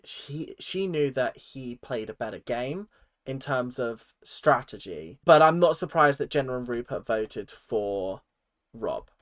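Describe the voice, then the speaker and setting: Excitable young man reacting. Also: medium pitch. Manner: excitable, gushing, chatty. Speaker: reaction video host. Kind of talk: casual reaction commentary.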